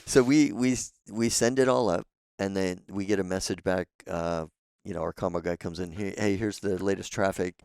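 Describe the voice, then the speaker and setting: A man telling stories as a podcast guest in a relaxed, profane, casual way, laughing often, on a studio mic. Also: sits low, moderate pace, hardly any pauses, clean tone, dry recording. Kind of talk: casual storytelling.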